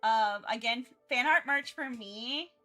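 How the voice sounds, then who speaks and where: A woman's voice: on the high side, slow pace, bright, forceful tone, faint music behind. A young woman streaming her art, chatting casually and rambling with lots of fillers, restarts and self-mocking asides. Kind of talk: casual chat while drawing.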